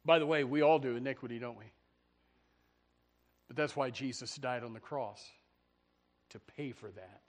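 A man preaching a fiery sermon, swinging from loud shouts to hushed low passages, often stammering and repeating words. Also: normal speed, long pauses. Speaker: pastor.

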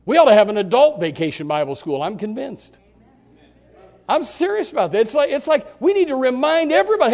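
A man preaching a sermon in a church, impassioned and rising to shouts on key words. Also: extremely high pitch, sing-song, brisk. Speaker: pastor.

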